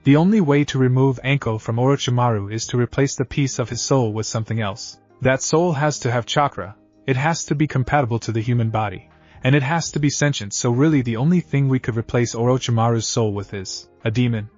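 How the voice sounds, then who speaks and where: A man's voice: mid-range voice, fairly quick, darkish tone, muffled recording, soft background music, close to an everyday voice. A man reading the lines of a brooding, bitter boy ninja in a plain read-aloud manner. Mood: weary.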